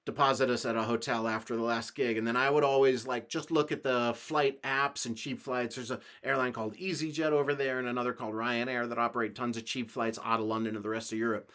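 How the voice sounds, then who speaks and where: A man from the United States talks on his own podcast in a loose, rambling storytelling manner, with an ordinary mid-range voice. He swears freely and chuckles through his anecdotes, relaxed and unscripted. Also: medium pitch, fast, hardly any pauses. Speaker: podcast host.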